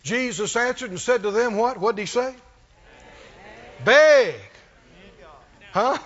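A man's voice: extremely high pitch, fairly quick, fairly bright tone, muffled recording. A man preaching a sermon with rising fervor, asking the congregation questions and calling for responses.

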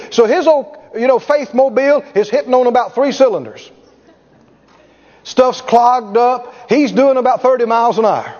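Middle-aged male preacher, folksy and animated storyteller; high, lively voice in a reverberant hall, lo-fi. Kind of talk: sermon with storytelling. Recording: echoey hall, dull lo-fi sound.

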